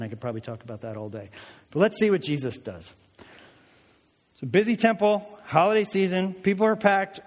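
A man with a slightly high voice preaches a sermon, retelling a story in a loose, conversational way full of rhetorical questions. His words ring out with a long reverb, as in a church sanctuary. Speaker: pastor.

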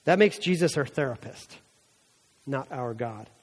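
A man's voice: medium pitch, animated, measured pace, breathy edge, big-room sound. A male pastor giving a conversational sermon and acting out the people in the story as he goes. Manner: conversational preaching, voicing characters in asides.

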